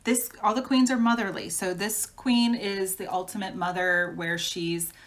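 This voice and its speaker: A woman's voice: medium pitch, steady tone, moderate pace, a bit bright. A woman giving a casual tarot reading, talking frankly in a chatty way and laughing often. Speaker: tarot reader.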